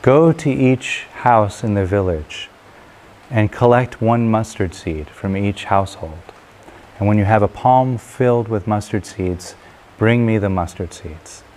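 A calm and compassionate teacher speaks in measured steps, voiced by a storyteller. The voice stays deep and low. Faint noise hums behind. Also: male voice, natural voice.

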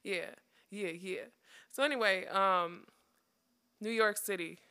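A young woman talks through a story in a loose, chatty way, with a bright, sharp edge to her voice and a gravelly fry underneath. She laughs often and sounds worn out. Her delivery stays wry and unpolished. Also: mid-range voice, slow. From United States. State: tired. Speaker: podcast host. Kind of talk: casual chat.

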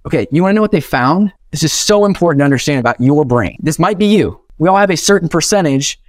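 Fast-talking young motivational speaker man. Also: a little high, no echo. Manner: energetic, animated, acts out quoted dialogue. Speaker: keynote speaker. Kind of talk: motivational keynote storytelling.

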